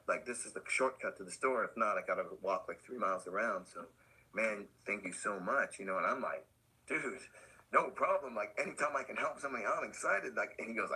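A man guesting on a skate podcast, telling a story in animated, slangy casual talk and acting out the other people's voices. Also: breathy edge, poor audio. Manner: acts out quoted voices, swinging high and low; laid-back slangy talk with laughs.

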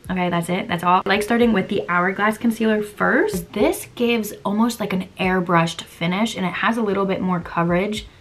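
A young woman chatting casually through a makeup tutorial, playful and quick to laugh at her own mispronunciations. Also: mid-range voice. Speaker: beauty vlogger.

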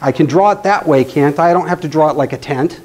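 Male lecturer, slightly raised pitch, playful and chatty, keeps checking in with the room. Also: fast talker, darkish tone. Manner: playful, often checks in with the audience. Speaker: astronomy club speaker. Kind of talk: live classroom-style lecture.

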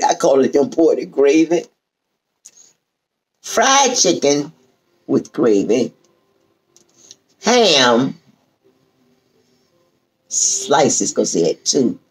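A woman's voice: low voice, poor audio. Older woman telling family stories. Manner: lively, drawn-out, acts out quoted relatives. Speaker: storyteller guest. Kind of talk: casual family storytelling.

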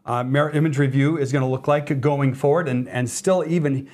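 A man hosting a casual live video chat, talking excitedly, rambling and cutting himself off mid-sentence. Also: medium pitch, brisk. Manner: excitable, rambling, self-interrupting. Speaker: host.

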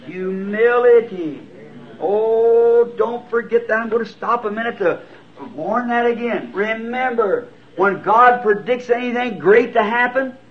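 Southern preacher, fifties, high tenor, earnest folksy delivery, dull old tape. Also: male voice. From United States. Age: 50s. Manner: earnest, folksy, self-deprecating. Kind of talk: sermon answering written questions. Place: church sanctuary. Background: congregation answering amen.

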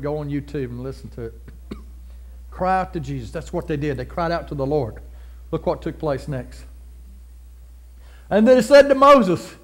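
High-voiced fervent preaching man. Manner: fervent, builds to loud passionate preaching; folksy, down-to-earth phrasing. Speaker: pastor. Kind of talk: sermon.

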